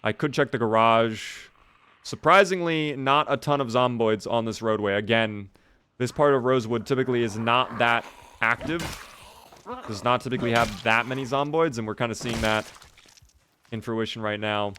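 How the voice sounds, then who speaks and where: A man's voice: mid-range voice, normal speed, pushed and bright, slight background noise. A man giving casual, jokey live-stream commentary over a game, chatting with and thanking his viewers.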